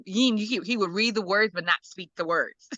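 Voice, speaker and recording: A woman's voice: medium pitch, normal speed, sharp tone, dry recording, highs cut off. A woman telling an emotional personal story as a guest parent, acting out quotes and laughing often. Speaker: guest, parent of an autistic son.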